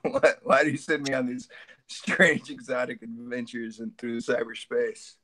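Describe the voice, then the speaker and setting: Crowd noise sits behind a man of medium pitch who speaks in a level tone at a measured pace. He's a guest artist having a casual video call chat, joking and rambling while muttering to himself as he fixes his computer.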